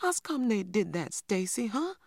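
Small, indignant boy, put on by an audiobook reader, pitched high and pushy, firing off demanding questions. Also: big pitch swings, a little slow, gravelly, a little mellow, dry recording, clean studio sound, full character voice. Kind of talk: audiobook character voice.

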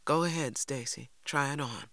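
A man reading aloud and voicing a gentle, firm mother who speaks softly and low. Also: normal speed, dry recording, close to an everyday voice. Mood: reverent. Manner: soft and low. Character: calm gentle mother, firm and soft-spoken.

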